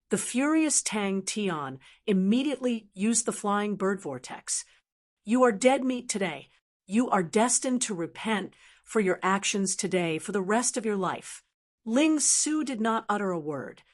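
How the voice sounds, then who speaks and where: A woman reading a fantasy novel aloud as an audiobook narrator, in a steady, even storytelling voice. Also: medium pitch.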